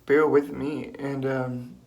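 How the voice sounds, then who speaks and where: A young man vlogging while crying on a bathroom floor, halting and full of fillers. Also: mid-range voice, little pitch movement, vocal fry, a little mellow, lo-fi sound. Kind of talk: emotional confessional vlog.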